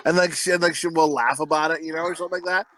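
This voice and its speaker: A man's voice: a little high, steady tone, racing, bright, forceful tone, slight background noise, low-quality recording. A man in his thirties co-hosting a podcast, telling crude stories in a rambling way, full of fillers. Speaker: podcast co-host. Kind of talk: casual podcast banter.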